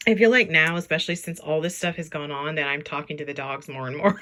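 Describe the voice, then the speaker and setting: A woman's voice: low voice, very animated, brisk, few pauses, pushed and bright. A woman chatting casually as she sorts jewelry, playful and talkative, often talking to the pieces in silly voices. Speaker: jewelry reseller vlogger. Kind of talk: casual chat while sorting jewelry.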